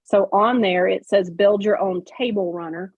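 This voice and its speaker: A woman's voice: mid-range voice, normal speed, darkish tone, slightly rough, no echo, muffled recording. A woman hosting a casual livestream, explaining step by step with lots of fillers. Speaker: host. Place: home sewing room on a video call.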